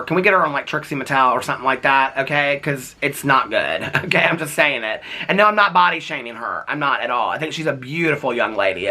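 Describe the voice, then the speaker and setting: A chatty man dishes on reality TV in a sassy, gossipy rant. His voice sits a little high and sounds bright and sharp. He keeps checking in with the listener as he goes. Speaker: reality TV commentator. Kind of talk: casual gossipy commentary.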